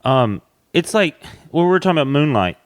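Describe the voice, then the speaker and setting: A man with a Southern American accent, a comedian guest talking frankly and thoughtfully in a relaxed chat, with some swearing. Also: on the high side, a little fast, no echo, studio quality. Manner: frank, reflective, profane. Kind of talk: casual chat.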